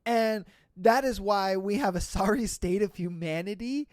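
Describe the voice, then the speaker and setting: Podcast host mocking an entitled bus passenger woman, indignant, whiny, crisp and dry, slow. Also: mid-range voice, darkish tone, no room sound, close to an everyday voice.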